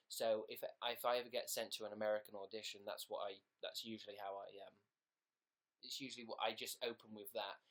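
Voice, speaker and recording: On a casual livestream, an English-accented host rambles and jokes about himself. His voice is lowish with a fairly bright tone, and his manner is silly and self-mocking.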